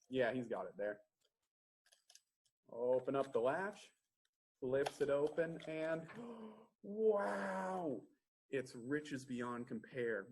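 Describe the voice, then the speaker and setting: A man reading a story aloud at a children's storytime, asking the listeners questions with drawn-out pauses. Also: mid-range voice, darkish tone, slight background noise. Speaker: library storytime reader.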